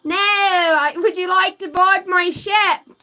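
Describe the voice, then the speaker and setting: A woman's voice: extremely high pitch, steady tone, slow, sharp tone, soft background music. A woman doing a live tarot and oracle card reading, giggling often, swearing freely and chatting in asides to her spirit guides.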